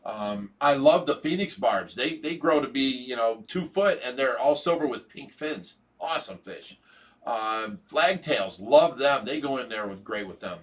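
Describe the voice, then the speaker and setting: A man's voice: mid-range voice, lively intonation, a little slow. Casting: middle-aged Ohio man, livestream host, rambling, chuckly, filler-heavy. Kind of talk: casual livestream chat.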